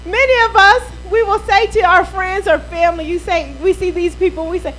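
High-voiced woman pastor preaching. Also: steady tone, brisk, few pauses, fairly bright tone, poor audio. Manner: playful, acts out quoted voices, laughs often. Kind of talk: sermon.

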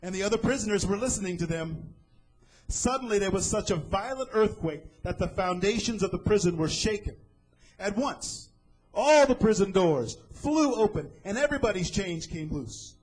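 A man's voice: sits high, lively intonation, normal speed, darkish tone, husky, low-quality recording. A man preaching a sermon, retelling a scripture story dramatically and asking the listeners questions.

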